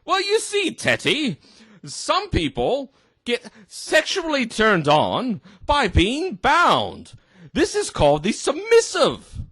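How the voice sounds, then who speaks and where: A man's voice: very high voice, huge pitch swings, takes it slowly, bright, forceful tone, breathy edge, no echo, studio quality, voice pushed up, exaggerated voice. A tipsy man putting on an accent to voice a prim, condescending woman teacher explaining things to a teddy bear. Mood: patronizing. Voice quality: put-on accent. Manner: sing-song, condescending explaining.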